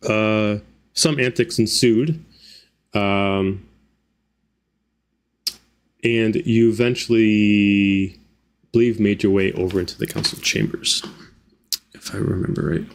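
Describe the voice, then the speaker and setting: A man hosts a tabletop role-playing game as dungeon master. His speech is casual and halting, full of fillers. His voice sits a little low. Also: vocal fry.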